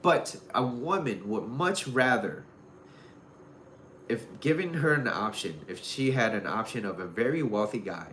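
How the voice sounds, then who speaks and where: A man's voice: mid-range voice, lively intonation, measured pace, a bit bright. A man giving casual dating advice in a loose, rambling way, full of "like" and "you know". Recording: roomy echo with faint noise.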